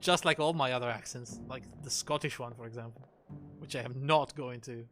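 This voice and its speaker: A man's voice: medium pitch, fairly quick, fairly bright tone, faint music behind. A man streaming a game, thinking aloud through clues with wry, self-mocking jokes. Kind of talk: casual live gameplay commentary.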